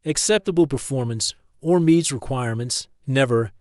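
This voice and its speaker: A man voicing a halting alien princess. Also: medium pitch, a little mellow, dry recording, clean studio sound, lightly acted. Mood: earnest. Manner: halting, simple broken English. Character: polite formal young alien princess.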